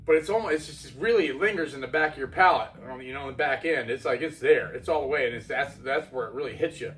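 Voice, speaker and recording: A man's voice: medium pitch, fast talker, fairly bright tone. Rambling man reviewing homebrew beer. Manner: rambling, self-correcting, chatty. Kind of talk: casual product review.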